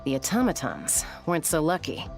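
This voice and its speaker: Chaska, bold game warrior. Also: female voice, deep voice, huge pitch swings, vocal fry, exaggerated voice. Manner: brisk and self-assured. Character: confident young woman warrior leader. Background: game music.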